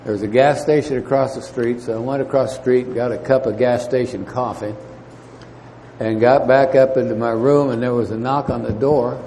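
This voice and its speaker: A man telling his recovery story at a meeting, halting, with many fillers and restarts. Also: medium pitch, fairly even intonation, dark tone. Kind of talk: storytelling talk. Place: meeting hall. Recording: faint noise, long hall reverb.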